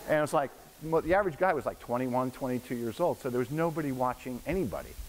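Speaking fast with big swings in pitch, this man in his sixties has a medium-range voice and tells anecdotes as a guest lecturer in a university hall. His talk is relaxed, and he slips into impressions whenever he quotes someone, with the hall's echo and a faint hiss in the background.

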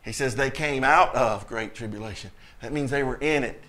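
A man's voice: medium pitch, normal speed, bright, forceful tone. A man pastor preaching a sermon, blunt and emphatic, firing off rhetorical questions and reading scripture aloud.

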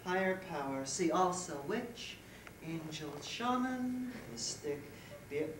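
A woman's voice: lowish voice, lively intonation, slow pace. A woman performing live on stage as a flustered, giggly female goddess-in-training who chats directly with the audience. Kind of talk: live solo theater performance. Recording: echoey live room, distant mic, background noise.

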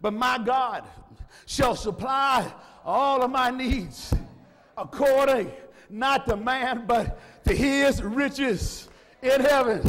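A man's voice: very high-pitched, slow, fairly bright tone. A male pastor preaching a sermon in a fervent, half-sung cadence with frequent "uh" fillers, in a church. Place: church sanctuary. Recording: long reverb of a church hall.

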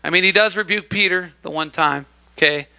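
A man preaching a sermon in a church, animated, often calling out praise and asking the congregation for an amen. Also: sits high, fairly quick, vocal fry. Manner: animated, acts out crowd voices, calls for amens.

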